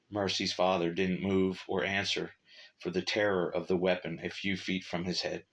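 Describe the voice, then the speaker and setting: A man narrating a short story in a measured, steady reading. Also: deep voice.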